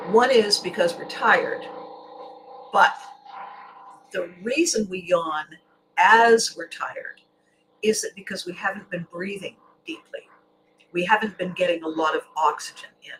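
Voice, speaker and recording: A woman's voice: fairly low pitch, a bit bright, a little hiss or hum, low-quality recording. A middle-aged woman hosting a casual livestream chat, talky and laughing often, restarting her sentences. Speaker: host.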